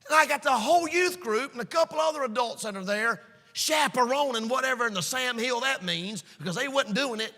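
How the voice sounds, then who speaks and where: A man preaching a sermon, emphatic and storytelling, swinging between shouts and hushed asides. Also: very high voice, lively intonation, brisk, in a large hall. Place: church sanctuary.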